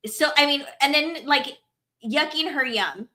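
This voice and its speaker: A podcast host with a bright, lifted voice talks in a loose, animated way. She breaks into laughter often as she chats with her guest. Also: high voice, unhurried. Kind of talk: casual podcast chat.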